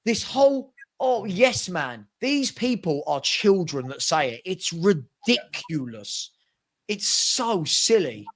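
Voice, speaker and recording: High-voiced animated man, football chat. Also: slow. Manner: animated, mocking, acts out scenes. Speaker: football podcast co-host. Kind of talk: casual fan chat.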